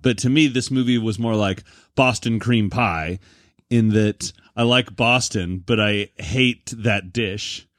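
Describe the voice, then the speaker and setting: A man's voice: lowish voice, slow pace, a bit bright, no echo, studio quality. A man co-hosting a podcast in casual chat, joking playfully and laughing often. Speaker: podcast co-host.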